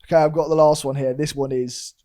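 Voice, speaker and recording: A man's voice: on the high side, steady tone, fast, mellow. A man co-hosting a podcast, telling a story in a chatty way and laughing often. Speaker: podcast co-host. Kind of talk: casual chat.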